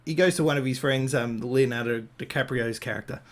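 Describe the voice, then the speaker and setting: Speaking briskly in a mid-range voice, an Australian man delivers an unscripted Christian talk. He thinks out loud, using frequent fillers and starting over often.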